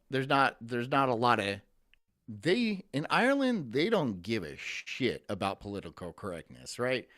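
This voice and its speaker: Profane, ranting male streamer with a lively voice. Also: mid-range voice. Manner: profane, opinionated, reads chat aloud. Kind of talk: casual ranting commentary.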